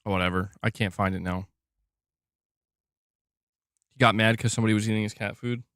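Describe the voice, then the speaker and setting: A man's voice: fairly low pitch, steady tone, brisk, a bit bright, clean tone, no echo, clean studio sound. A man hosting a casual livestream, joking, laughing often and rambling as he reads chat. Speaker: livestream host.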